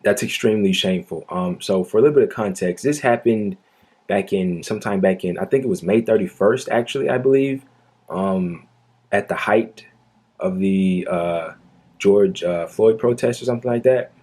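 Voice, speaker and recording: A man's voice: lowish voice, normal speed, darkish tone, breathy edge. A man giving indignant reaction commentary on a news video, talking earnestly with frequent fillers like "um" and "you know.".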